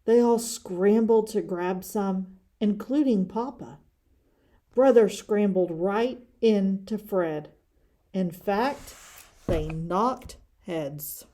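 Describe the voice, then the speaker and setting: Woman reader, children's book, slow, expressive, mellow. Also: mid-range voice. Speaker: story reader. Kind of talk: children's storybook reading.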